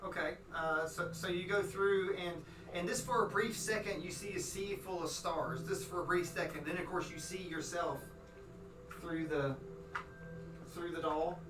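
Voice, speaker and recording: A man runs a tabletop game as game master, narrating in a rambling way with many restarts. His voice sits a bit high for a man. The sound is echoey and distant, with clear music behind it. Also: steady tone, normal speed. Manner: rambling, full of restarts and fillers. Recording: roomy, from far off.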